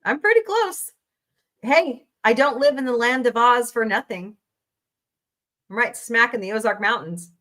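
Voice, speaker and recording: A woman's voice: a little high, lively intonation, unhurried, long pauses, fairly bright tone. A middle-aged woman from the Midwest, hosting a casual chat show and rambling through stories with frequent laughs. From American Midwest. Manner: chatty, rambling, laughs often. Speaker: podcast host.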